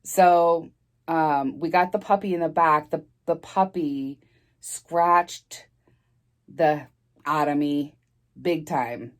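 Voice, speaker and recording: A woman's voice: low-pitched, takes it slowly. A woman telling a personal story in a casual storytime vlog, rambling with many fillers and restarts and laughing as she talks.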